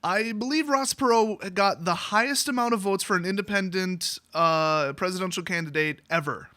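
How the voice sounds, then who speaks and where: A sarcastic, exasperated man ranting to his channel. His voice sits high and bright. The sound is dry and close, with no room around it. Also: normal speed, no room sound. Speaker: YouTuber. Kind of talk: political rant.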